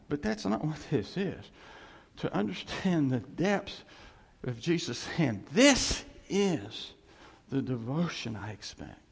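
A man preaching a sermon as pastor, earnest and repeating his key phrases, swinging from loud to quiet. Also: medium pitch, vocal fry, breathy edge. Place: church sanctuary. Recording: church hall reverb.

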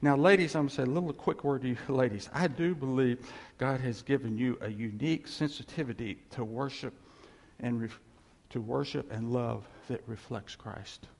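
A man preaching a sermon as pastor, earnest and repeating his key phrases, swinging from loud to quiet. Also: mid-range voice, normal speed, creaky. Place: church sanctuary. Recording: church hall reverb.

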